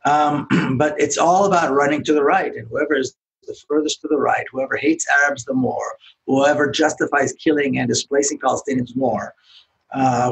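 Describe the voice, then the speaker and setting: A man's voice: mid-range voice, fairly even intonation, fairly quick, creaky, rough recording. Earnest male guest, faint background hiss. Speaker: podcast guest. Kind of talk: interview conversation.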